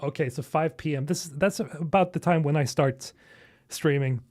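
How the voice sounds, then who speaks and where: Excitable young man streaming, fairly high voice. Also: normal speed. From Sweden. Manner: excitable, swearing, chatting with viewers. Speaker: streamer reacting to game trailers. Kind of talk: casual live-stream commentary.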